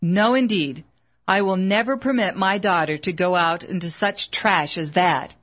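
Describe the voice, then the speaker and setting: A woman's voice: fairly low pitch, moderate pace, dull audio, natural voice. A woman reading the part of a stern, disapproving older mother who speaks curtly and with scorn in a storybook. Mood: scornful. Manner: curt, scornful.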